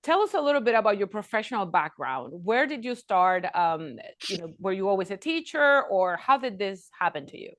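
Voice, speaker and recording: A woman's voice: mid-range voice, sing-song, brisk, a bit bright, no echo. A woman hosting an interview, asking encouraging questions. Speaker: podcast host.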